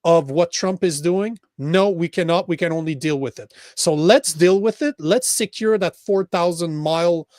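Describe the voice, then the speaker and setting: With a fairly high, somewhat dark voice and a Quebec French accent, this male podcast host argues politics emphatically and profanely, restarting sentences often. He moves at a moderate pace with barely any pauses, and the sound is close, dry, and echo-free.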